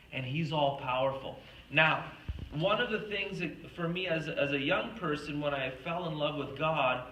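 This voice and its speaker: A woman's voice: deep voice, fairly bright tone, echoey room, far from the mic, a little hiss or hum, rough recording. A woman giving an earnest faith talk at a retreat, telling stories and acting out the quotes. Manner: earnest, storytelling, acts out quoted speech. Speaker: retreat speaker.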